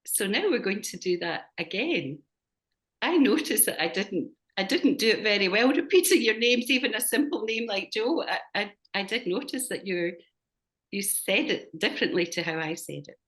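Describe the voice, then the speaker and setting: A woman with a Scottish accent, guiding a group exercise as facilitator over a video call, giving gentle, measured instructions. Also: medium pitch, expressive. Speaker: workshop facilitator.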